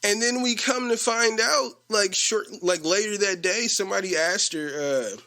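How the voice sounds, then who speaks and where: A young man telling a story in a casual podcast rant, animated and slangy, laughing often. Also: moderate pace. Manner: animated, slangy, mimics coworkers with a low voice. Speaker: podcast host.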